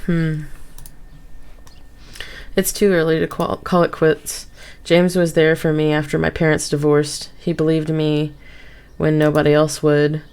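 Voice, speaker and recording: A woman streamer reads a visual novel game aloud over its background music, pausing for asides and fixing her own misreads. Her voice is low and fairly level in pitch, with a measured pace and a clean, slightly mellow tone.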